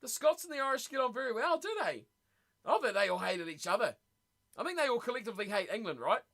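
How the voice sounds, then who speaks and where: High, bright-voiced man calling a match. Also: quick pace. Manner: excitable, chatty, reads viewer messages aloud. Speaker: streamer hosting a watch party. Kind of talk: live match reaction commentary.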